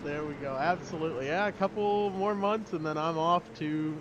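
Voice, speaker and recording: A young man in his twenties chats and tells a joke on a racing broadcast. He is upbeat and grateful, with a higher voice. Faint ambient noise sits behind him. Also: moderate pace, muffled recording. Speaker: guest commentator. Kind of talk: joke telling and casual chat.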